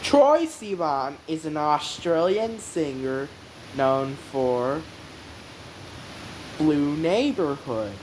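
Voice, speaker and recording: Casual female vlog host, rambling delivery, lower voice, very slow. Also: expressive, a little mellow, a little hiss or hum, poor audio. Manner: rambling, meandering. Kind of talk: casual explainer.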